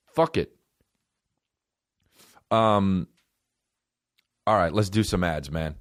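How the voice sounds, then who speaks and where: A man's voice: sits low, a little slow, pauses often, no echo, clean studio sound. A man in his thirties hosting a solo comedy podcast, rambling, swearing constantly, losing his thread. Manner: profane, rambling, animated.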